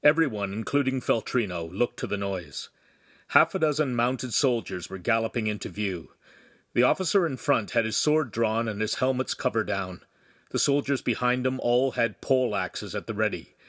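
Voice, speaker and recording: A man reads a novel aloud in a steady, measured narration. His voice is medium in pitch. The recording is dry and close, with no room sound. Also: dry recording. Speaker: audiobook narrator. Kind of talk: scripted story narration.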